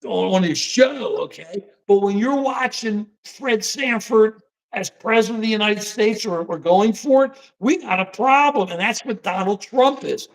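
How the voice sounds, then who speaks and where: High-pitched guy rambling on a political live stream, all worked up, casual chat. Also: a little slow, creaky. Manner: animated, rambling, keeps apologizing and handing over. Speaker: co-host of a political livestream.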